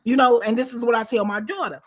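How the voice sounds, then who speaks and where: A woman's voice: a little high, fairly even intonation, fast. Slangy woman telling her story. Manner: slangy, repeats "you know what I'm saying". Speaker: interview guest. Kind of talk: casual storytelling in an interview.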